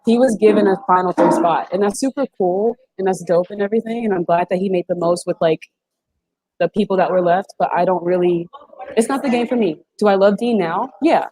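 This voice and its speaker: A woman's voice: medium pitch, brisk, warm tone, dry recording, low-quality recording. A woman in her twenties, a guest on a video call interview, talking in an emphatic, slangy, casual way. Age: 20s. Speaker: guest, former reality show contestant.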